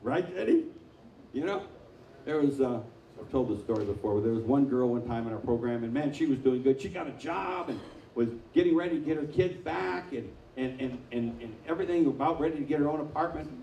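Echoey, mellow-voiced male pastor preaching. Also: mid-range voice, expressive, brisk, lo-fi sound, slight background noise. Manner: conversational storytelling, acting out quotes. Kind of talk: sermon. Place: church sanctuary. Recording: echoey room, mic from far off.

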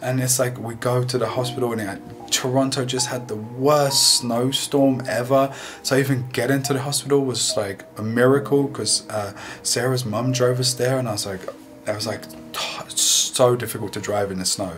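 A man sharing a personal faith testimony in an earnest, emotional, halting way. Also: mid-range voice, steady tone. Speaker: guest sharing a healing testimony. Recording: music playing underneath.

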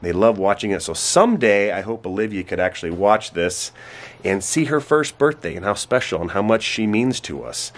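A man's voice: on the low side, animated, moderate pace. A man in his thirties, a father talking to the camera in a casual family vlog, earnest, repeating words as he gets emotional. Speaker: vlogger, father. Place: home in Alaska.

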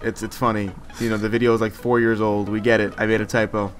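A man's voice: lowish voice, flat delivery, quick pace, soft background music. A man playing a video game as a guest, chatting casually, rambling and joking, with lots of "like" and "you know". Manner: rambling and jokey, many "like" and "you know" fillers. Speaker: guest gamer.

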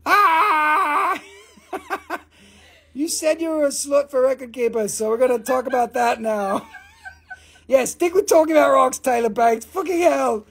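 A man's voice: very high voice, moderate pace, gravelly, breathy edge. A man hosting a live stream that sells rocks, chatting in a profane, rambling way and laughing often. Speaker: host of a live rock sale. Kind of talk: live-stream sales chat.

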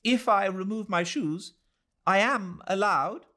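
A man voicing an elderly Englishwoman who is gentle, polite and quietly insistent, in a high breathy voice. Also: takes it slowly, exaggerated voice. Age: older. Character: elderly Englishwoman, gentle, startled yet firm.

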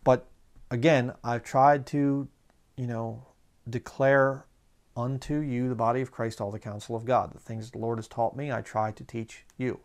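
A man preaching a sermon in a conversational way, slowing down to read scripture aloud. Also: medium pitch, flat delivery, darkish tone.

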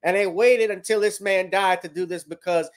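A man's voice: high-pitched, steady tone, moderate pace. A man hosting commentary, ranting bluntly and profanely with emphatic jabs. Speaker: commentary host.

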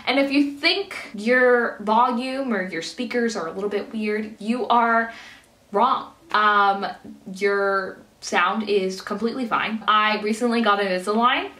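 Young woman, casual beauty vlogger, slight lisp, recovering from a cold, self-deprecating. Recorded in an echoey room, off-mic. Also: unhurried. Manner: chatty, self-mocking, bursts into high baby talk. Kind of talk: casual get-ready-with-me chat. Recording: roomy, mic a little distant, soft music.

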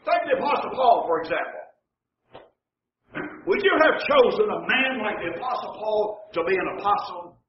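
A pastor preaching a sermon, asking the congregation questions and swinging between hushed passages and shouted lines. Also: male voice, high-pitched, lively intonation, moderate pace. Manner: call-and-response preaching, drops to hushed tones then rises to shouts. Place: church sanctuary. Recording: echoey church room, dull lo-fi sound, faint hiss.

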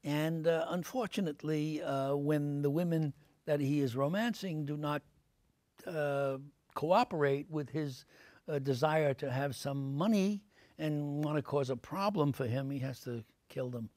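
A man's voice: fairly high pitch, a little slow, no echo. Older New man telling stories. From Brooklyn, New York. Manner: animated anecdotes, many fillers, acts out quoted voices. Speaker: actor, interview guest. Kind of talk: storytelling interview answers. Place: TV studio.

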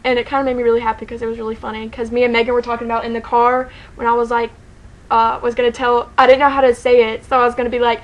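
Excited rambling young woman, high voice. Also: racing, dull audio. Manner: excited, rambling, heavy use of "like", frequent laughter. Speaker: fan telling a story. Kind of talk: casual storytelling vlog.

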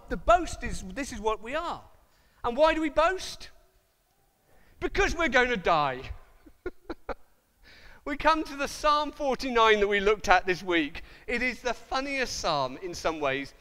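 A man preaching a sermon as pastor in a church, animated and jokey, putting on quoted voices. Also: sits high, in a large hall. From Wales.

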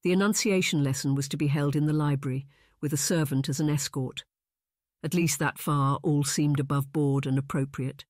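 A man reading a historical romance audiobook aloud in a calm, even storytelling manner. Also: on the high side, normal speed, no room sound, studio quality. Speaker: audiobook narrator. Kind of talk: audiobook narration.

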